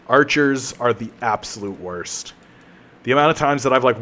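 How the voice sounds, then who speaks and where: A man's voice: mid-range voice, fairly bright tone. A man chatting casually while he streams a game, rambling and joking at his own expense with plenty of restarts. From Canada. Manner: rambling, joking, self-mocking, many restarts.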